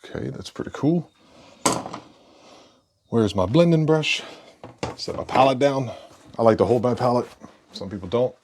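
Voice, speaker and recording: A man giving a casual painting lesson, relaxed and thinking aloud as he works. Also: mid-range voice, moderate pace, pauses often, slight background noise. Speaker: painting instructor.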